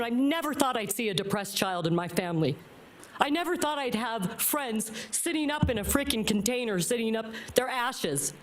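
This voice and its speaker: Furious mother at the podium. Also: a little high. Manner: angry, blunt, repeating phrases for emphasis. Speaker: public commenter at a county meeting. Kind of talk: impassioned public comment. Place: county commission meeting room.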